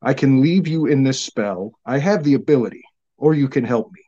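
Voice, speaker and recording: A man's voice: mid-range voice, lively intonation, moderate pace, mellow, dull audio, pitched above the performer's own voice, close to an everyday voice. A man voicing a stern, confident wizard who speaks in a cold, clipped way, in a storybook reading.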